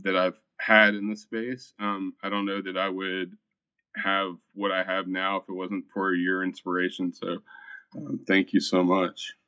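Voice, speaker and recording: A shy man hosting an online community room, speaking haltingly with frequent pauses. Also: deep voice, clear, resonant tone, no room sound, dull audio. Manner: soft-spoken and halting, many pauses. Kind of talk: casual chat.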